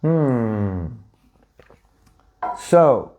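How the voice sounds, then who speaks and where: There's slight background noise as a spiritual teacher delivers an informal lecture to a live audience. His mid-range voice is animated and dark but very slow, and he teaches conversationally, often questioning listeners and acting out small scenes.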